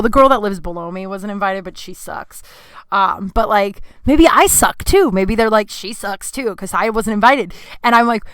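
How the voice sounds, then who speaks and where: A woman's voice: mid-range voice, a bit bright, clear, resonant tone, dry recording, studio quality. A woman in her thirties hosting a podcast, telling a rambling, candid story in casual chat and acting out the voices of people in it. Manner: candid, rambling, swears freely, acts out quotes. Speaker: podcast host.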